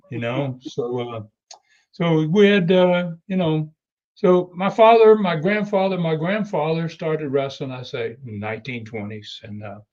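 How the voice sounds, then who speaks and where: An older man and guest telling a long anecdotal story, unhurried and full of fillers and restarts. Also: fairly high pitch, lo-fi sound. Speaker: wrestling legend guest.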